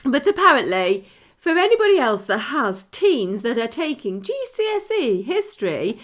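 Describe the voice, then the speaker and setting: A middle-aged woman with a high voice that swoops up and down, telling a story in relaxed podcast chat. She is animated and laughs easily as she goes, and her voice keeps climbing to a high pitch and dropping again. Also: normal speed. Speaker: podcast co-host. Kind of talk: casual chat.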